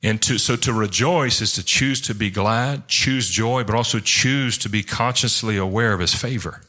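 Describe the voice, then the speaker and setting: Rambling, animated preacher man with a low voice. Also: moderate pace. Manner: animated, rambling, jumps between points, acts out quotes. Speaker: pastor. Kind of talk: sermon. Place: church.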